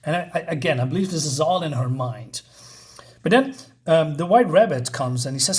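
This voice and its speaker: A man talks through a comic book in a casual, halting way, pausing often on fillers. His voice sits high for a man and moves around a lot as he retells the scenes. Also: lively intonation, a little mellow. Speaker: comic reviewer.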